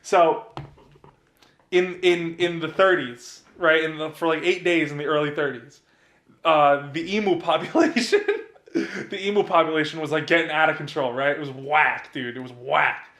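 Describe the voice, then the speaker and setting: A man's voice: on the high side, steady tone, normal speed, a bit bright, reverberant. A man co-hosting a casual podcast, telling stories in a laid-back way, laughing often and saying "dude". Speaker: podcast co-host. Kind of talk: casual banter.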